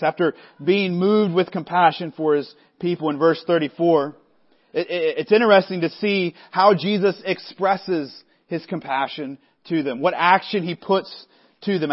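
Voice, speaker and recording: A man preaching a sermon as pastor, measured and earnest, sometimes stumbling and restarting his words. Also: fairly high pitch, dull audio. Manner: measured preaching with frequent restarts, voicing the disciples conversationally.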